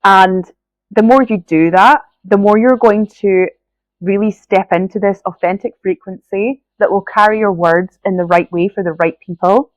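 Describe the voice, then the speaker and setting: A woman's voice: mid-range voice, moderate pace, no room sound, highs cut off. A Scottish woman talks straight to her listeners in an earnest, encouraging podcast monologue, often checking in with "right?". Her voice is stuffy and nasal from a cold. The recording is close and dry, with no room sound. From Scotland. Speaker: podcast host.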